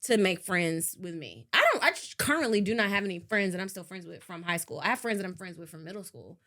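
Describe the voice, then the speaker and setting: A young woman co-hosting a podcast, bantering bluntly and making quick jokes in casual chat. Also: fairly low pitch, lively intonation, bright, forceful tone. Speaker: podcast co-host.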